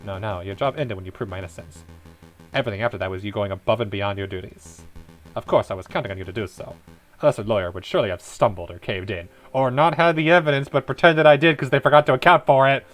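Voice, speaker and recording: A man voicing a smooth, scheming male fox investigator in a game, in a low, formal, suave manner. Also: fast talker, faint music behind, lightly acted. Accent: put-on Spanish accent.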